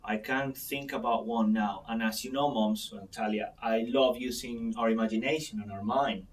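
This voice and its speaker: A man acting as a mindset coach, guiding an exercise in a calm, slow manner. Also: on the low side. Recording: voice from a distance to the mic, faint noise.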